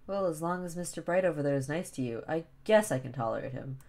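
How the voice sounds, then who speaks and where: A woman's voice: sits low, lively intonation, fast talker, a little mellow. A woman voice actor chatting casually between takes, swearing and laughing easily. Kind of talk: casual chat while recording a fan dub.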